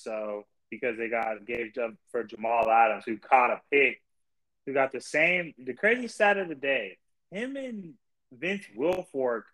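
A young man co-hosting a casual sports podcast, ranting in exasperation and swearing constantly, his pitch jumping high when he gets worked up. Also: fairly bright tone, low-quality recording. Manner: profane, exasperated ranting with big pitch jumps. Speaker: podcast co-host.

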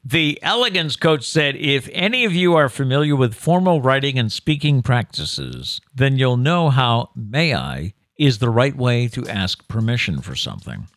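Male co-host, animated pitch, dry close studio sound, reads with mock-formal emphasis. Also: normal speed, vocal fry, hardly any pauses, no room sound. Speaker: co-host of a daily news show. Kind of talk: casual chat, reading out an article.

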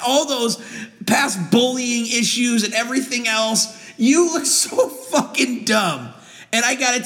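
A man's voice: high-pitched, bright, forceful tone, long reverb tail. Profane, laughing male podcast ranter. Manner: profane, laughing, heated ranting. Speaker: podcast host. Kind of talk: comedic rant podcast.

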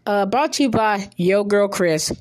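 A woman's voice: medium pitch, lively intonation, darkish tone. A woman hosting her own podcast in casual solo chat, rambling and correcting herself, a little nervous. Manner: rambling, self-correcting, hurried plugs. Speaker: podcast host.

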